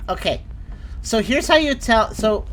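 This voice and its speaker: A woman's voice: fairly high pitch, animated, a little slow, fairly bright tone, slight background noise. A woman giving casual let's-play commentary, exclaiming and thinking aloud as she plays. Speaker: gameplay commentator.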